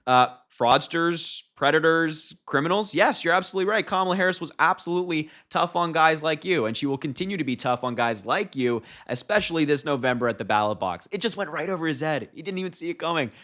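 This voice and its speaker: A young man talks straight to his viewers about politics. His voice is bright and forceful, and his delivery is mocking and loose. He laughs often at his own points. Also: on the high side, expressive, fast, few pauses. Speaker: political commentator. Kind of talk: casual political commentary.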